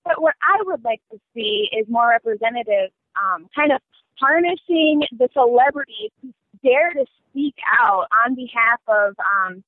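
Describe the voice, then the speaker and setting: Young woman, chatty, fillers and laughs, a bit high voice, tinny phone line, dry. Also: expressive, normal speed, dry recording. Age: young adult. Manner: chatty, many ums and small laughs. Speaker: guest. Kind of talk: casual political talk. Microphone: phone call.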